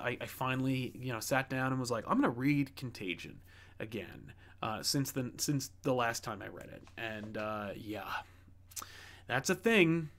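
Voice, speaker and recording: A man with a mid-range, slightly bright voice hosts a comic book livestream, chatting casually as he reads out viewer messages. He rambles, full of fillers and restarts.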